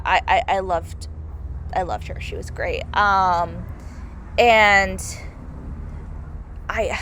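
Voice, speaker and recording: A woman's voice: medium pitch, fairly bright tone. A young woman giving a casual, gushing movie review, peppered with "like" and "oh my God", over faint background noise. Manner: gushing, heavy use of "like" and "oh my God".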